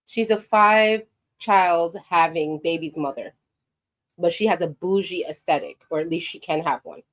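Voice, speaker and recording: This sassy New York vlogger has a voice on the low side and keeps a moderate pace, animatedly giving her opinion directly to the people watching.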